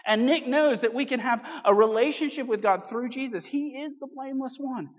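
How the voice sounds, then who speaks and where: A man's voice: very high-pitched, a little fast. A man preaching a sermon as pastor, speaking earnestly and addressing listeners with rhetorical questions. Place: church. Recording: echoey church hall, slightly dull sound.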